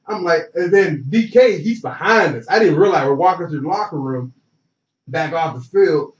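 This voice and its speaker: A former college football player tells a story in casual slang, animatedly acting out what people said. His voice is a little high and moves at a moderate pace. The recording sounds roomy, distant and dull.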